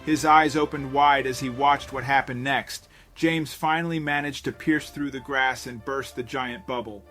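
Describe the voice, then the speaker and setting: A man's voice: medium pitch, steady tone, moderate pace, sharp tone, soft background music. A man reading a scripted mystery story as narrator, with a dramatic storytelling delivery.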